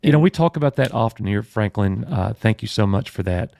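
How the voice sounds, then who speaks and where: Lower-voiced man co-hosting a live chat. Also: animated, a little fast, vocal fry, darkish tone. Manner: friendly, storytelling, addresses chat by name. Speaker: co-host. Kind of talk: casual live-stream chat.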